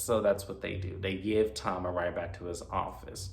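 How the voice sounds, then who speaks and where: A man casually recapping a horror film's plot for his review channel, chatty and animated, talking back to the characters. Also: low-pitched, normal speed, vocal fry. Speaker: movie reviewer. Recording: echoey room with faint noise.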